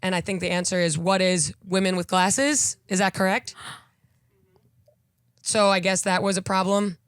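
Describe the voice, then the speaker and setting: A man's voice: high voice, fairly even intonation, moderate pace, fairly bright tone, clean tone, dry recording, studio quality. A male podcast host reading out headlines and joking crudely in a laid-back, casual way. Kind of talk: casual comedic podcast banter.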